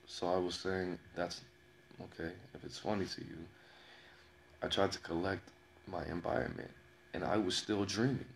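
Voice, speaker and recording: A man telling a personal story in a slow, dramatic way, repeating phrases and pausing often. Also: low-pitched, fairly even intonation, gravelly, slight background noise. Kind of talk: personal story told to camera.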